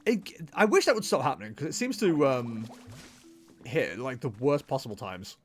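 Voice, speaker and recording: A man streaming a video game and commenting casually, animated and jokey, with muttered asides. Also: mid-range voice, normal speed, faint music behind. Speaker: gameplay streamer. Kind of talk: casual gameplay livestream commentary.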